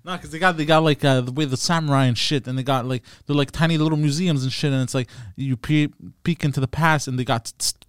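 A man's voice: a little high, fairly even intonation, quick pace, hardly any pauses, smooth, no room sound, studio quality. A man in casual podcast chat, laid-back, rambling and agreeable.

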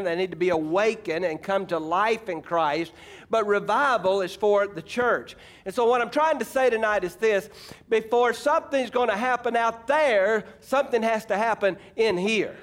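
A middle-aged man from Arkansas, preaching a folksy, emphatic sermon and calling out to his congregation. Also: sits high. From Arkansas, USA. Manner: folksy, emphatic preaching with audience call-outs. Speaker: pastor.

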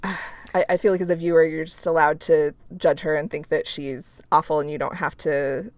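A woman's voice: low voice, steady tone, fairly quick, darkish tone, dry recording. Chatty woman in a dry, close sound. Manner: thoughtful, chatty, laughs easily. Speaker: podcast co-host. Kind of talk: casual chat.

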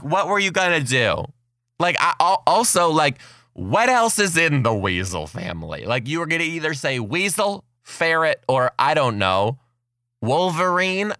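A man hosting his podcast and telling classroom stories as a kindergarten teacher, chatty and excitable, laughing often. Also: fairly high pitch, a little slow, dry recording, studio quality. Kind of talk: casual storytelling monologue.

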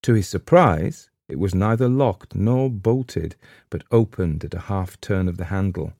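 A man narrates a supernatural story in a measured, steady reading. His voice sits very low, and the recording is dry and close, with no room sound. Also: gravelly, no room sound. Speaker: audiobook narrator. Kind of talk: scripted narration.

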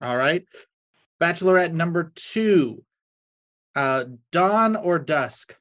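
A man's voice: on the high side, animated, slow pace, fairly bright tone. A man reads out lightning-round questions on a comedy podcast. He keeps a matter-of-fact tone, briefly announcing each contestant. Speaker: podcast producer. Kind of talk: reading quiz questions.

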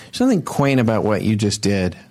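A man's voice: lowish voice, huge pitch swings, quick pace, darkish tone. A man hosting a comedy podcast, rambling and hesitant with many ums in casual banter.

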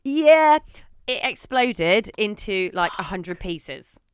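A woman, co-hosting a casual podcast and telling a story in an animated way, swearing now and then and acting out what people said. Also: mid-range voice, slow pace, a little hiss or hum. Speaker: podcast co-host. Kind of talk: casual chat.

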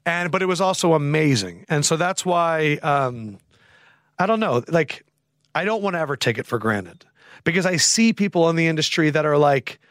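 A man in his thirties hosting a podcast, telling stories in a casual, animated way, acting out quoted voices and swearing freely. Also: a little high, moderate pace, dry recording, studio quality. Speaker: podcast host. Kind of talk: casual storytelling chat.

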